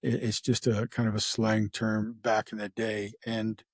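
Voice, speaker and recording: Here the same kind of casual true-crime tale comes from a middle-aged former homicide detective with a lowish, monotone voice and a measured pace. The studio-quality audio has no room sound, and he rambles, leans on fillers, and performs the dialogue he quotes.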